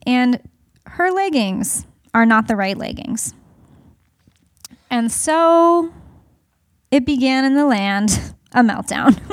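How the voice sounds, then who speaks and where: A woman in her thirties talks to an audience in a high, bright voice, animated and chatty as she tells stories from home. The sound is close and dry, with no room around it. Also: no room sound. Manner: animated storytelling with laughter. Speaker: speaker addressing an audience. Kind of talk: conversational talk to an audience.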